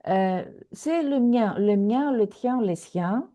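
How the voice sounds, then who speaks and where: A woman teaches French over a video call with a mellow, warm tone. She talks patiently and repeats herself, with many fillers. Her voice sits a little high. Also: animated, slow pace. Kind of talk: online language lesson.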